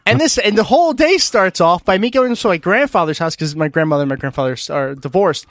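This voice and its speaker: Young male podcast co-host, slightly higher voice, dry close mic, lively storyteller who laughs and swears a lot. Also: quick pace, dry recording. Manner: animated storyteller, laughs often, swears freely. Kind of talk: casual chat.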